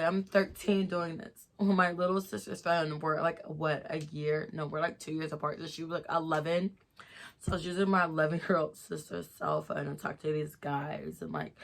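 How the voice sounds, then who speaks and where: Young woman vlogger, low-pitched, giggly and tipsy, casual storytelling to camera. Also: a bit bright. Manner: chatty, giggly, addresses viewers as y'all. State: tipsy, a little stuffy.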